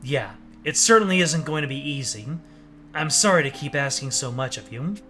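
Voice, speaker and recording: A man's voice: mid-range voice, lively intonation, moderate pace, bright, forceful tone. A man reading an earnest young prince. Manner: earnest and polite. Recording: faint game music behind.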